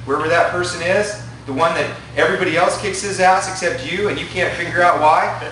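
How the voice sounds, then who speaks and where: A man teaching a jiu-jitsu class in a lively, profane way, acting out his students' thoughts. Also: fairly high pitch, slight background noise. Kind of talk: animated talk to a class. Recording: echoey room from a distance.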